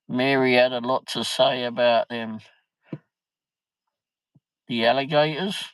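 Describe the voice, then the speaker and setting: A man telling a rambling anecdote on his live stream, chuckling as he goes and leaning on mild slang. His voice sits at an ordinary middle pitch. The sound is close and dry, with no room around it. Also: steady tone, slow pace, long pauses, fairly bright tone, smooth, no echo, rough recording. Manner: rambling, laughs often, peppers speech with "flipping". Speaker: livestream host. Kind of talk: casual chat, anecdote.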